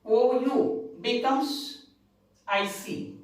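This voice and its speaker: A woman's voice: fairly high pitch, expressive, slow pace, pauses often. A woman with an Indian English accent teaching English grammar, repeating each word and spelling it out letter by letter. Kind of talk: spelling out plural forms in a lesson. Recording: very echoey room, distant from the mic.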